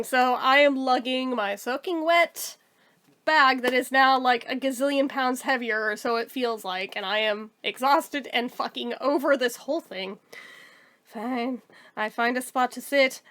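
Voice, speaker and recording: High-voiced woman telling a storytime. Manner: animated, swearing, exasperated. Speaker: storytelling YouTuber. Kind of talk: casual storytime monologue.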